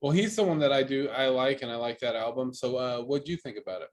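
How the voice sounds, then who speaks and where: A man's voice: mid-range voice, quick pace. A man co-hosting a podcast in casual comedic chat, laid-back and teasing, laughing along with his friend. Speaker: podcast co-host.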